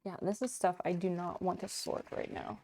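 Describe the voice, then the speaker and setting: A woman livestreams from her home office, sorting and doing chores while chatting casually, greeting and thanking viewers and laughing often. Her voice is lowish, steady and mellow at a moderate pace, with slight background noise.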